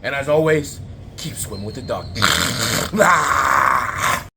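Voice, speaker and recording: A man cutting a brash, rambling comedic wrestling promo, full of fillers and sudden yells. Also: medium pitch, lively intonation, brisk, soft background music.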